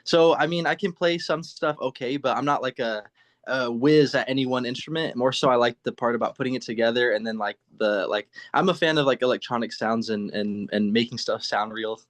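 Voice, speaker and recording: A man's voice: mid-range voice, brisk. A man being interviewed as a guest musician and producer, speaking casually over a video call with many fillers and restarts. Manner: relaxed, laughs easily, many fillers and restarts.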